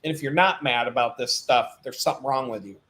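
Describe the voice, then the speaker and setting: A man hosting his own live stream in an animated, profane ranting monologue, laughing at his own jokes as he goes. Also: medium pitch, quick pace.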